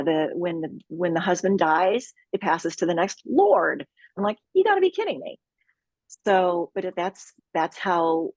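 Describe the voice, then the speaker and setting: A woman who leads healing retreats, talking calmly and earnestly as a guest in an interview, with measured pauses. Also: lowish voice, slightly rough, no echo, highs cut off. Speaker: sexual healing retreat leader.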